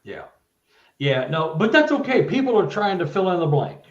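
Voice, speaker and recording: Male guest storyteller, halting delivery with stuttered restarts, roomy echoey sound. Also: sits high, lo-fi sound. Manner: halting, stuttered restarts, animated when retelling events. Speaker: guest, author. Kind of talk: casual storytelling in a live interview.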